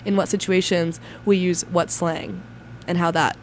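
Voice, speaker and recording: A woman's voice: on the low side, fairly even intonation, measured pace. Young woman co-host, stuffy cold voice, giggly and self-deprecating, faint background noise. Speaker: radio show co-host. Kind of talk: casual chat.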